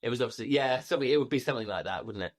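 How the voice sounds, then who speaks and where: A man's voice: mid-range voice, rapid-fire. A man co-hosting a podcast, speaking casually in a hesitant, mild manner with many restarts. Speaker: podcast co-host. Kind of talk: casual chat.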